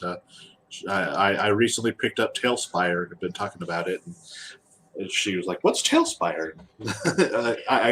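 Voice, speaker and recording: A man, an artist and guest, chatting casually while he draws, halting and repeating words as he goes. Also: sits low, pushed and bright, a little hiss or hum. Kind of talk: casual chat while drawing.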